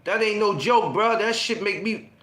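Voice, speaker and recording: A man's voice: high voice, moderate pace. A man co-hosting a podcast, chatting casually and acting out teenage scenes as he tells stories. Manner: animated storytelling, acts out teen scenes. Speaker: podcast co-host. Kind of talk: casual group chat. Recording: roomy room sound.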